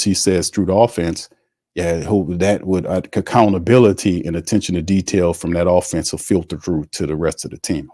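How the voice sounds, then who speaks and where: Heated low-voiced sports podcast man. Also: fairly even intonation, moderate pace, warm tone, no room sound, studio quality. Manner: heated, colloquial, talks to the chat. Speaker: podcast host. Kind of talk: sports talk commentary.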